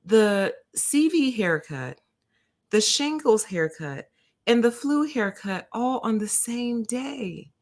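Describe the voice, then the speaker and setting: A woman's voice: mid-range voice, lively intonation, moderate pace. A woman hosting her own channel, casually telling viewers a story, laughing often and acting out both sides of a conversation. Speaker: channel host.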